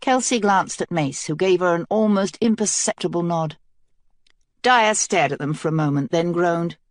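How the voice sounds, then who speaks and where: A woman narrating a fantasy audiobook in a measured, steady manner. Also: lowish voice, no echo, clean studio sound.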